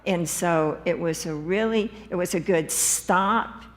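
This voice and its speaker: A woman in the congregation shares her own story, speaking slowly and earnestly. Her voice sits low for a woman. A long reverb from the church space hangs on her words. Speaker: congregation member sharing. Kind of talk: personal testimony. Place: church sanctuary.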